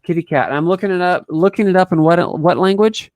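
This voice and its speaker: A woman's voice: fairly low pitch, fairly quick, darkish tone. A woman hosting a casual live stream, chatting and laughing as she looks up translations.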